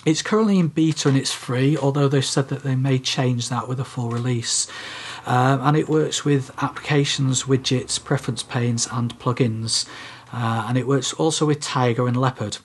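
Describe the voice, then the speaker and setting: A man's voice: mid-range voice, fairly even intonation, normal speed, a little hiss or hum. A man co-hosting a casual podcast, explaining things step by step with frequent ums and uhs. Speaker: podcast co-host. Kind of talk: casual tech podcast chat.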